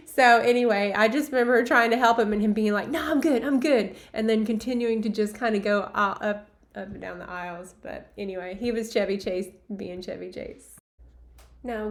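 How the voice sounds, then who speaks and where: A woman in her forties tells a personal story casually over a set of photos, her voice sitting at a middle, unremarkable pitch. She talks in a chatty, loose way, with plenty of fillers, and acts out the dialogue she remembers. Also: vocal fry. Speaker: former arena event staffer telling a memory.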